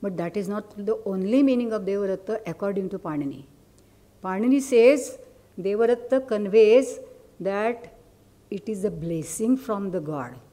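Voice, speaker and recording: A woman lecturer with an Indian English accent and a Marathi mother tongue, teaching in a soft, mellow voice. She explains patiently, pausing to ask her listeners questions. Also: medium pitch, animated. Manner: explanatory, with asides and questions to the audience. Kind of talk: academic lecture.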